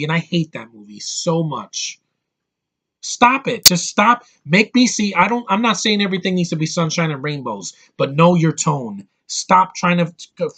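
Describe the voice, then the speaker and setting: A man's voice: a little high, expressive, fairly quick, hardly any pauses, a bit bright. A man in his thirties giving an angry, profane movie review rant, hammering his points with emphatic repetition. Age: 30s.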